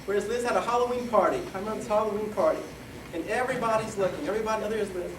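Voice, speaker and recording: A middle-aged man giving a rambling, joking wedding toast, halting often with fillers as he loses his thread. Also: high-pitched, background noise. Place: wedding reception hall. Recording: echoey hall from far off, crowd chatter.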